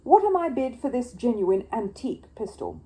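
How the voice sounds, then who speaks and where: Woman playing a loud, showy auctioneer in a storybook, calling lots and bids, lively pitch. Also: normal speed. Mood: announcing.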